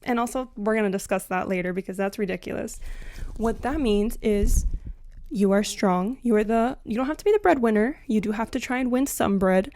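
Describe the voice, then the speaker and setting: A young woman ranting to camera about dating, blunt and sarcastic, swinging between loud outbursts and muttered asides. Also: mid-range voice, fairly quick, no room sound. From Latina. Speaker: comedic commentary host. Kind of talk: scripted comedic rant to camera.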